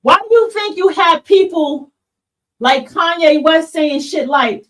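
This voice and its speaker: A woman's voice: extremely high pitch, unhurried, recorded from a distance, rough recording. A woman hosting a livestream podcast, talking bluntly and passionately to her viewers, swearing and calling them y'all. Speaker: podcast host. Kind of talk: livestream monologue to chat.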